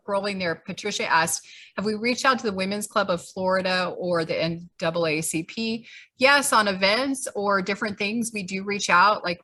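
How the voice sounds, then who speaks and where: A woman's voice: lowish voice, sharp tone. A woman leading a grassroots group, giving rousing, conversational closing remarks on a video call. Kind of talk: closing remarks at an online meeting.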